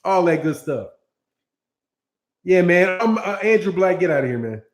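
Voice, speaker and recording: A man's voice: high voice, very animated, moderate pace, slight background noise. A man hosting a boxing channel, ranting casually in a rambling, sarcastic way, repeating words and breaking into laughs. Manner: sarcastic, mocking.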